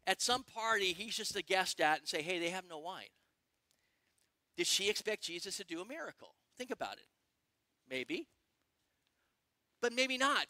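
Give me an excitable male pastor, sharp and bright, with a dry, close sound. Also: high voice, no echo. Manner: excitable, quick bursts, asks the congregation questions. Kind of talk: sermon.

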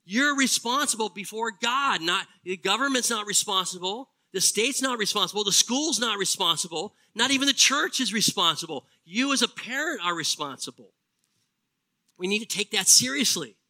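Bright, high-voiced male pastor preaching. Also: animated, rough recording. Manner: preaching earnestly with emphatic slowed phrases. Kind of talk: sermon.

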